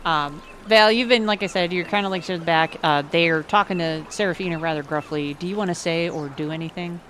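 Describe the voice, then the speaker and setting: A woman's voice: fairly low pitch, brisk, fairly bright tone, a little hiss or hum. A woman narrating a tabletop game as game master, hesitant, with many fillers.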